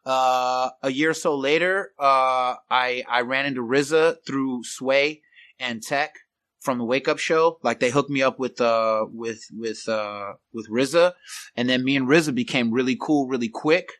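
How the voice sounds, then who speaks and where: A middle-aged man spins a story as a podcast guest. His pitch sits in an ordinary middle range. He talks casually and animatedly, slipping into quoted voices and laughing often. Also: a little slow, a bit bright. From San Francisco Bay Area.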